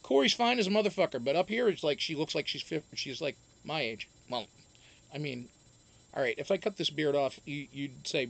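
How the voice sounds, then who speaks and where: This man's fairly high, gravelly, slightly bright voice has lively intonation and a slightly quick pace. He chats casually on a live stream, reading viewers' comments aloud and answering them in a rambling, profane way full of restarts.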